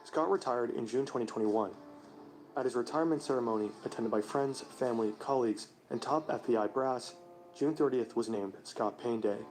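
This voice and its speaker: A male narrator reading a scripted documentary narration in a measured, even delivery. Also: mid-range voice, faint music behind, low-quality recording.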